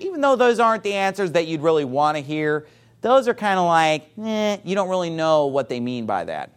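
A man's voice: a little high, normal speed, clean tone. A man teaching church members how to talk with people about salvation, acting out their replies in varied voices. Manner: animated, acts out quoted replies in varied voices.

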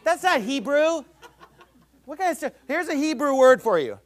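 A man's voice: extremely high pitch, very animated, moderate pace. A man preaching a sermon in a heated, combative, ranting manner. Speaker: pastor.

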